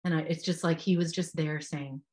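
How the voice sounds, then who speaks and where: A woman's voice: deep voice, steady tone, brisk. A woman in her thirties, a podcast guest, frankly and emotionally recounting a personal story with lots of "like". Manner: heartfelt, frank, peppered with "like".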